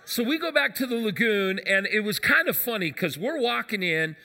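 A man with a high, bright voice, preaching from the pulpit of a church. He tells stories with animation, acting out the lines of the people in them. His voice rings through a hall with a long reverb. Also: normal speed. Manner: animated storyteller acting out quotes. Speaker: pastor. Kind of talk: sermon with storytelling. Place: church sanctuary.

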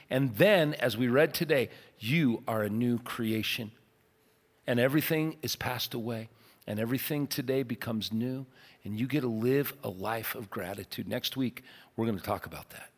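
A man preaching a sermon as pastor, earnest and emphatic, softening into a quiet prayer. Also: mid-range voice. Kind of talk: sermon with altar call. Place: large church auditorium. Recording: long church hall reverb.

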